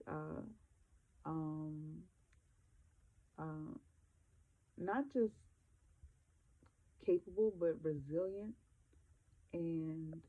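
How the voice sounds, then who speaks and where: A woman vlogging on her phone, crying and halting, with many fillers and soft laughs. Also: on the low side, creaky. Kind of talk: emotional casual phone vlog. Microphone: handheld phone. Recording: phone-like lo-fi sound.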